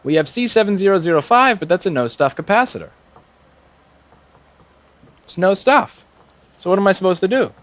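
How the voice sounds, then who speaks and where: A man's voice: sits high, very animated, normal speed, pauses often, fairly bright tone, no room sound. Wry, profane man explaining a repair. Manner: profane, wry, talks to himself and the board. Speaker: repair technician. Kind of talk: live repair stream, explaining as he works. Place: repair workshop bench.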